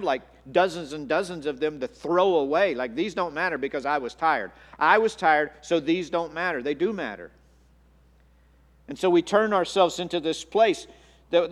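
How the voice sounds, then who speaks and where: A man preaches to his congregation in an earnest, searching way, often doubling back on his words. His voice sits a little high for a man. The sound carries a long reverb, as in a church sanctuary. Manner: earnest, repeats words, restarts phrases. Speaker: pastor. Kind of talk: sermon.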